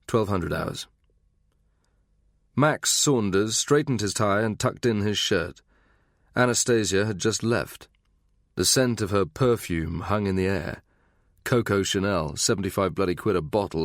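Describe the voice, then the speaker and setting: A man narrating a thriller audiobook in an even, measured way. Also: deep voice, no room sound, studio quality. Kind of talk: scripted narration.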